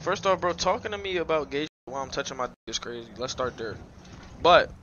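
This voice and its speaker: A man livestreaming a game role-play, casual and brash, trash-talking and often breaking into loud yelling. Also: fairly high pitch, lively intonation, fast talker, muffled recording, noisy background.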